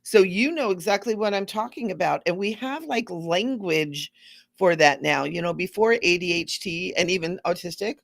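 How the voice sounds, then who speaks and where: A woman giving a casual, rambling spiritual talk to viewers, gently repeating words for emphasis. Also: on the low side, creaky, dry recording. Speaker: spiritual teacher hosting a live stream.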